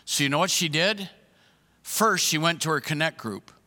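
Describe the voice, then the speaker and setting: A man's voice: on the high side, normal speed, pushed and bright, long reverb tail. A man preaching a sermon, emphatic and repeating his questions to the congregation. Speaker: pastor.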